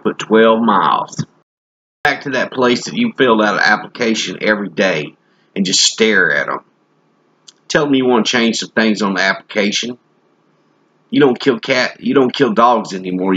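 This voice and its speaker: A man's voice: on the low side, fairly bright tone, breathy edge, muffled recording. A man preaching a comic sermon in a folksy, joking, rambling way.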